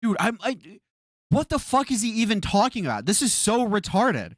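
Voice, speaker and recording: A man reacts live on stream, firing back at a video in disbelief and swearing as he goes. His pitch jumps all over the place. The sound is dry and close. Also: very animated, moderate pace, no echo. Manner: incredulous, exasperated, swears a lot.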